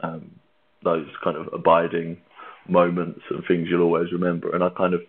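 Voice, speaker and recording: A man's voice: sits low, monotone, moderate pace, husky. A man from Britain hosting a casual music chat, an easygoing interviewer who chuckles often. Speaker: podcast host. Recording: tinny phone-like line.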